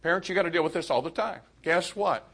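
A man preaching a sermon to young people, animated and addressing them directly. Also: on the high side, fast talker, vocal fry, husky.

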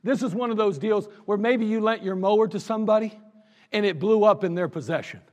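A man with a high voice preaches a sermon to his congregation in a conversational way. He reads old scripture verses aloud and slips into little acted-out scenes. The sound carries a long church reverb. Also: fairly quick, a little mellow. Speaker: pastor. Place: church sanctuary.

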